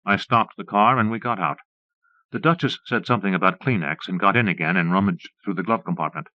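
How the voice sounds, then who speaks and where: A man narrating an audiobook in a measured first-person storytelling manner, on a dull old cassette recording. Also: deep voice, dry recording.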